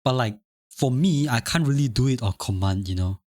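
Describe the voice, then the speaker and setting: A man's voice: medium pitch, expressive, normal speed, darkish tone, dry recording. Rambling young man streaming, dry close mic. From Singapore. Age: young adult. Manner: rambling, repeats phrases, chuckles often. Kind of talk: casual live-stream chat, reading chat aloud.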